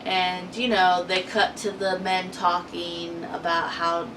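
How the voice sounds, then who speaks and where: A woman's voice: on the low side, flat delivery, slow pace. A woman co-hosting a casual TV recap, chatty and giggly, acting out quotes as she tells the story. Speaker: co-host of a TV recap channel. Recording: distant mic with noisy background.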